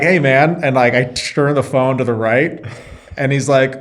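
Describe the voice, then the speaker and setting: A man's voice: medium pitch, fairly even intonation, moderate pace. A man being interviewed, a Marine reservist and business owner, telling a story in casual chat and acting out both sides of the dialogue.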